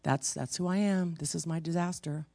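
A woman in her sixties preaching, rambling through personal stories and swinging from hushed to emphatic. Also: lowish voice, normal speed, gravelly, no room sound.

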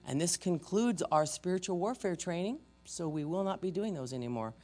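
A church trainer teaching spiritual warfare through stories, animated and joking at their own expense. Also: mid-range voice, brisk, faint music behind. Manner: animated, acts out loud quoted voices.

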